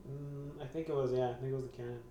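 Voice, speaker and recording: A man chatting in a casual film commentary, relaxed with joking asides. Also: medium pitch, fast talker, muffled recording. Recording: echoey room with faint noise.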